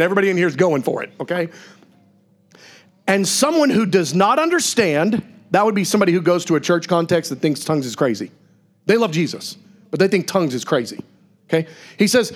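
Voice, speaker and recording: A man preaching from the pulpit with a high, bright-pitched voice that swings widely up and down. He talks to the congregation like a conversation, full of asides and quick questions. The delivery is a lively sermon in a church. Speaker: pastor.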